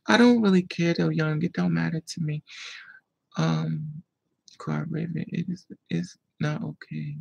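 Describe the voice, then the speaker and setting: A gravelly, husky voice with plenty of vocal fry. A vlogger speaks candidly and emotionally about their own past. At times they drop to a near whisper and answer viewer comments. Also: medium pitch, steady tone, measured pace, low-quality recording. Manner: emotional, candid storytelling with frequent hushed asides; responds aloud to viewer comments. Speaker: vlogger telling a personal story. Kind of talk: casual story time monologue.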